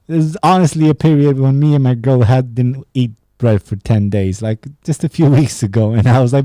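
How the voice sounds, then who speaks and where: A man's voice: mid-range voice, moderate pace, warm tone, dry recording. A man from Romania, hosting a solo podcast in a sarcastic, profane rant. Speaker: podcast host.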